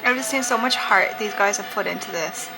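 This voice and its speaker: A woman's voice: medium pitch, a little fast. A woman hosting a reaction video, talking casually and emotionally with lots of "like" fillers. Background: faint music video playing.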